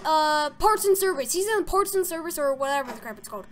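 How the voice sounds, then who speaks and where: A woman's voice: sits high, lively intonation, fast, hardly any pauses. A young woman playing a game and commenting as she goes, jumpy and easily startled, rambling with lots of fillers. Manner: jumpy, easily startled, frequent gasps and squeals; rambling, filler-heavy talk. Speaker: gaming video creator. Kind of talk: casual let's-play commentary.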